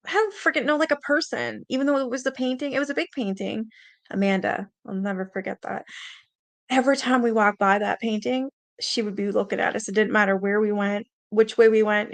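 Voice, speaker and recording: With a medium-pitched, fairly bright voice and no room sound, this young woman streamer recounts her own ghost encounter. Her telling is loose and meandering, packed with filler words and light cursing, and she sounds sincerely unnerved.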